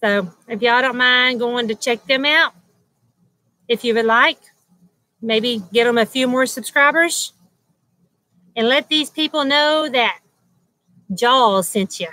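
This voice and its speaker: A woman hosts a relaxed livestream, chatting and calling out viewers by name. Her voice sits a little high with a bright, crisp edge, and she takes her time. The sound is dry and close. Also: slow pace, long pauses, dry recording, low-quality recording. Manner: chatty, greets viewers by name, laughs often. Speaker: livestream host. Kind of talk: casual livestream chat. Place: at home beside a loud air conditioner.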